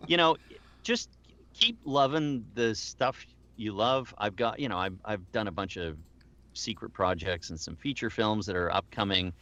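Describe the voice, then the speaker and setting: Middle-aged voice actor guy, lowish voice, chatty and self-deprecating, muffled lo-fi audio. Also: normal speed, sharp tone. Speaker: voice actor guest. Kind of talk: casual interview chat.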